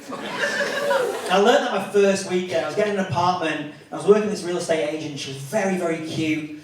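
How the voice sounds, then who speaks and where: A young man from the north of England with a Northern English accent, performing an animated stand-up comedy set. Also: a little hiss or hum. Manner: animated, jumps into high-pitched character voices for punchlines. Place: comedy club. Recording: echoey club from a distance, clear crowd laughter.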